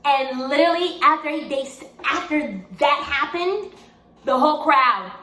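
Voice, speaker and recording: Animated bright-voiced young woman storyteller. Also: high voice, a little slow. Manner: animated storytelling, rising into exclaims, repeats phrases. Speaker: vlogger. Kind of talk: storytime testimony. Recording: echoey room, faint background hum.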